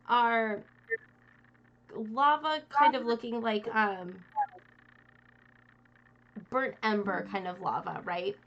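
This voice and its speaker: A woman's voice: on the high side, fairly bright tone, dull audio. A woman as game master, narrating a tabletop game and explaining rules in a rambling, friendly way with many fillers. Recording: light background noise.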